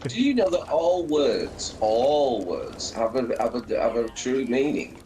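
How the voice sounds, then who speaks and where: A man in his fifties chatting on a game livestream, excitable and laughing through his own storytelling. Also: medium pitch, measured pace, slight background noise, low-quality recording. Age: 50s. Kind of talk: casual chat.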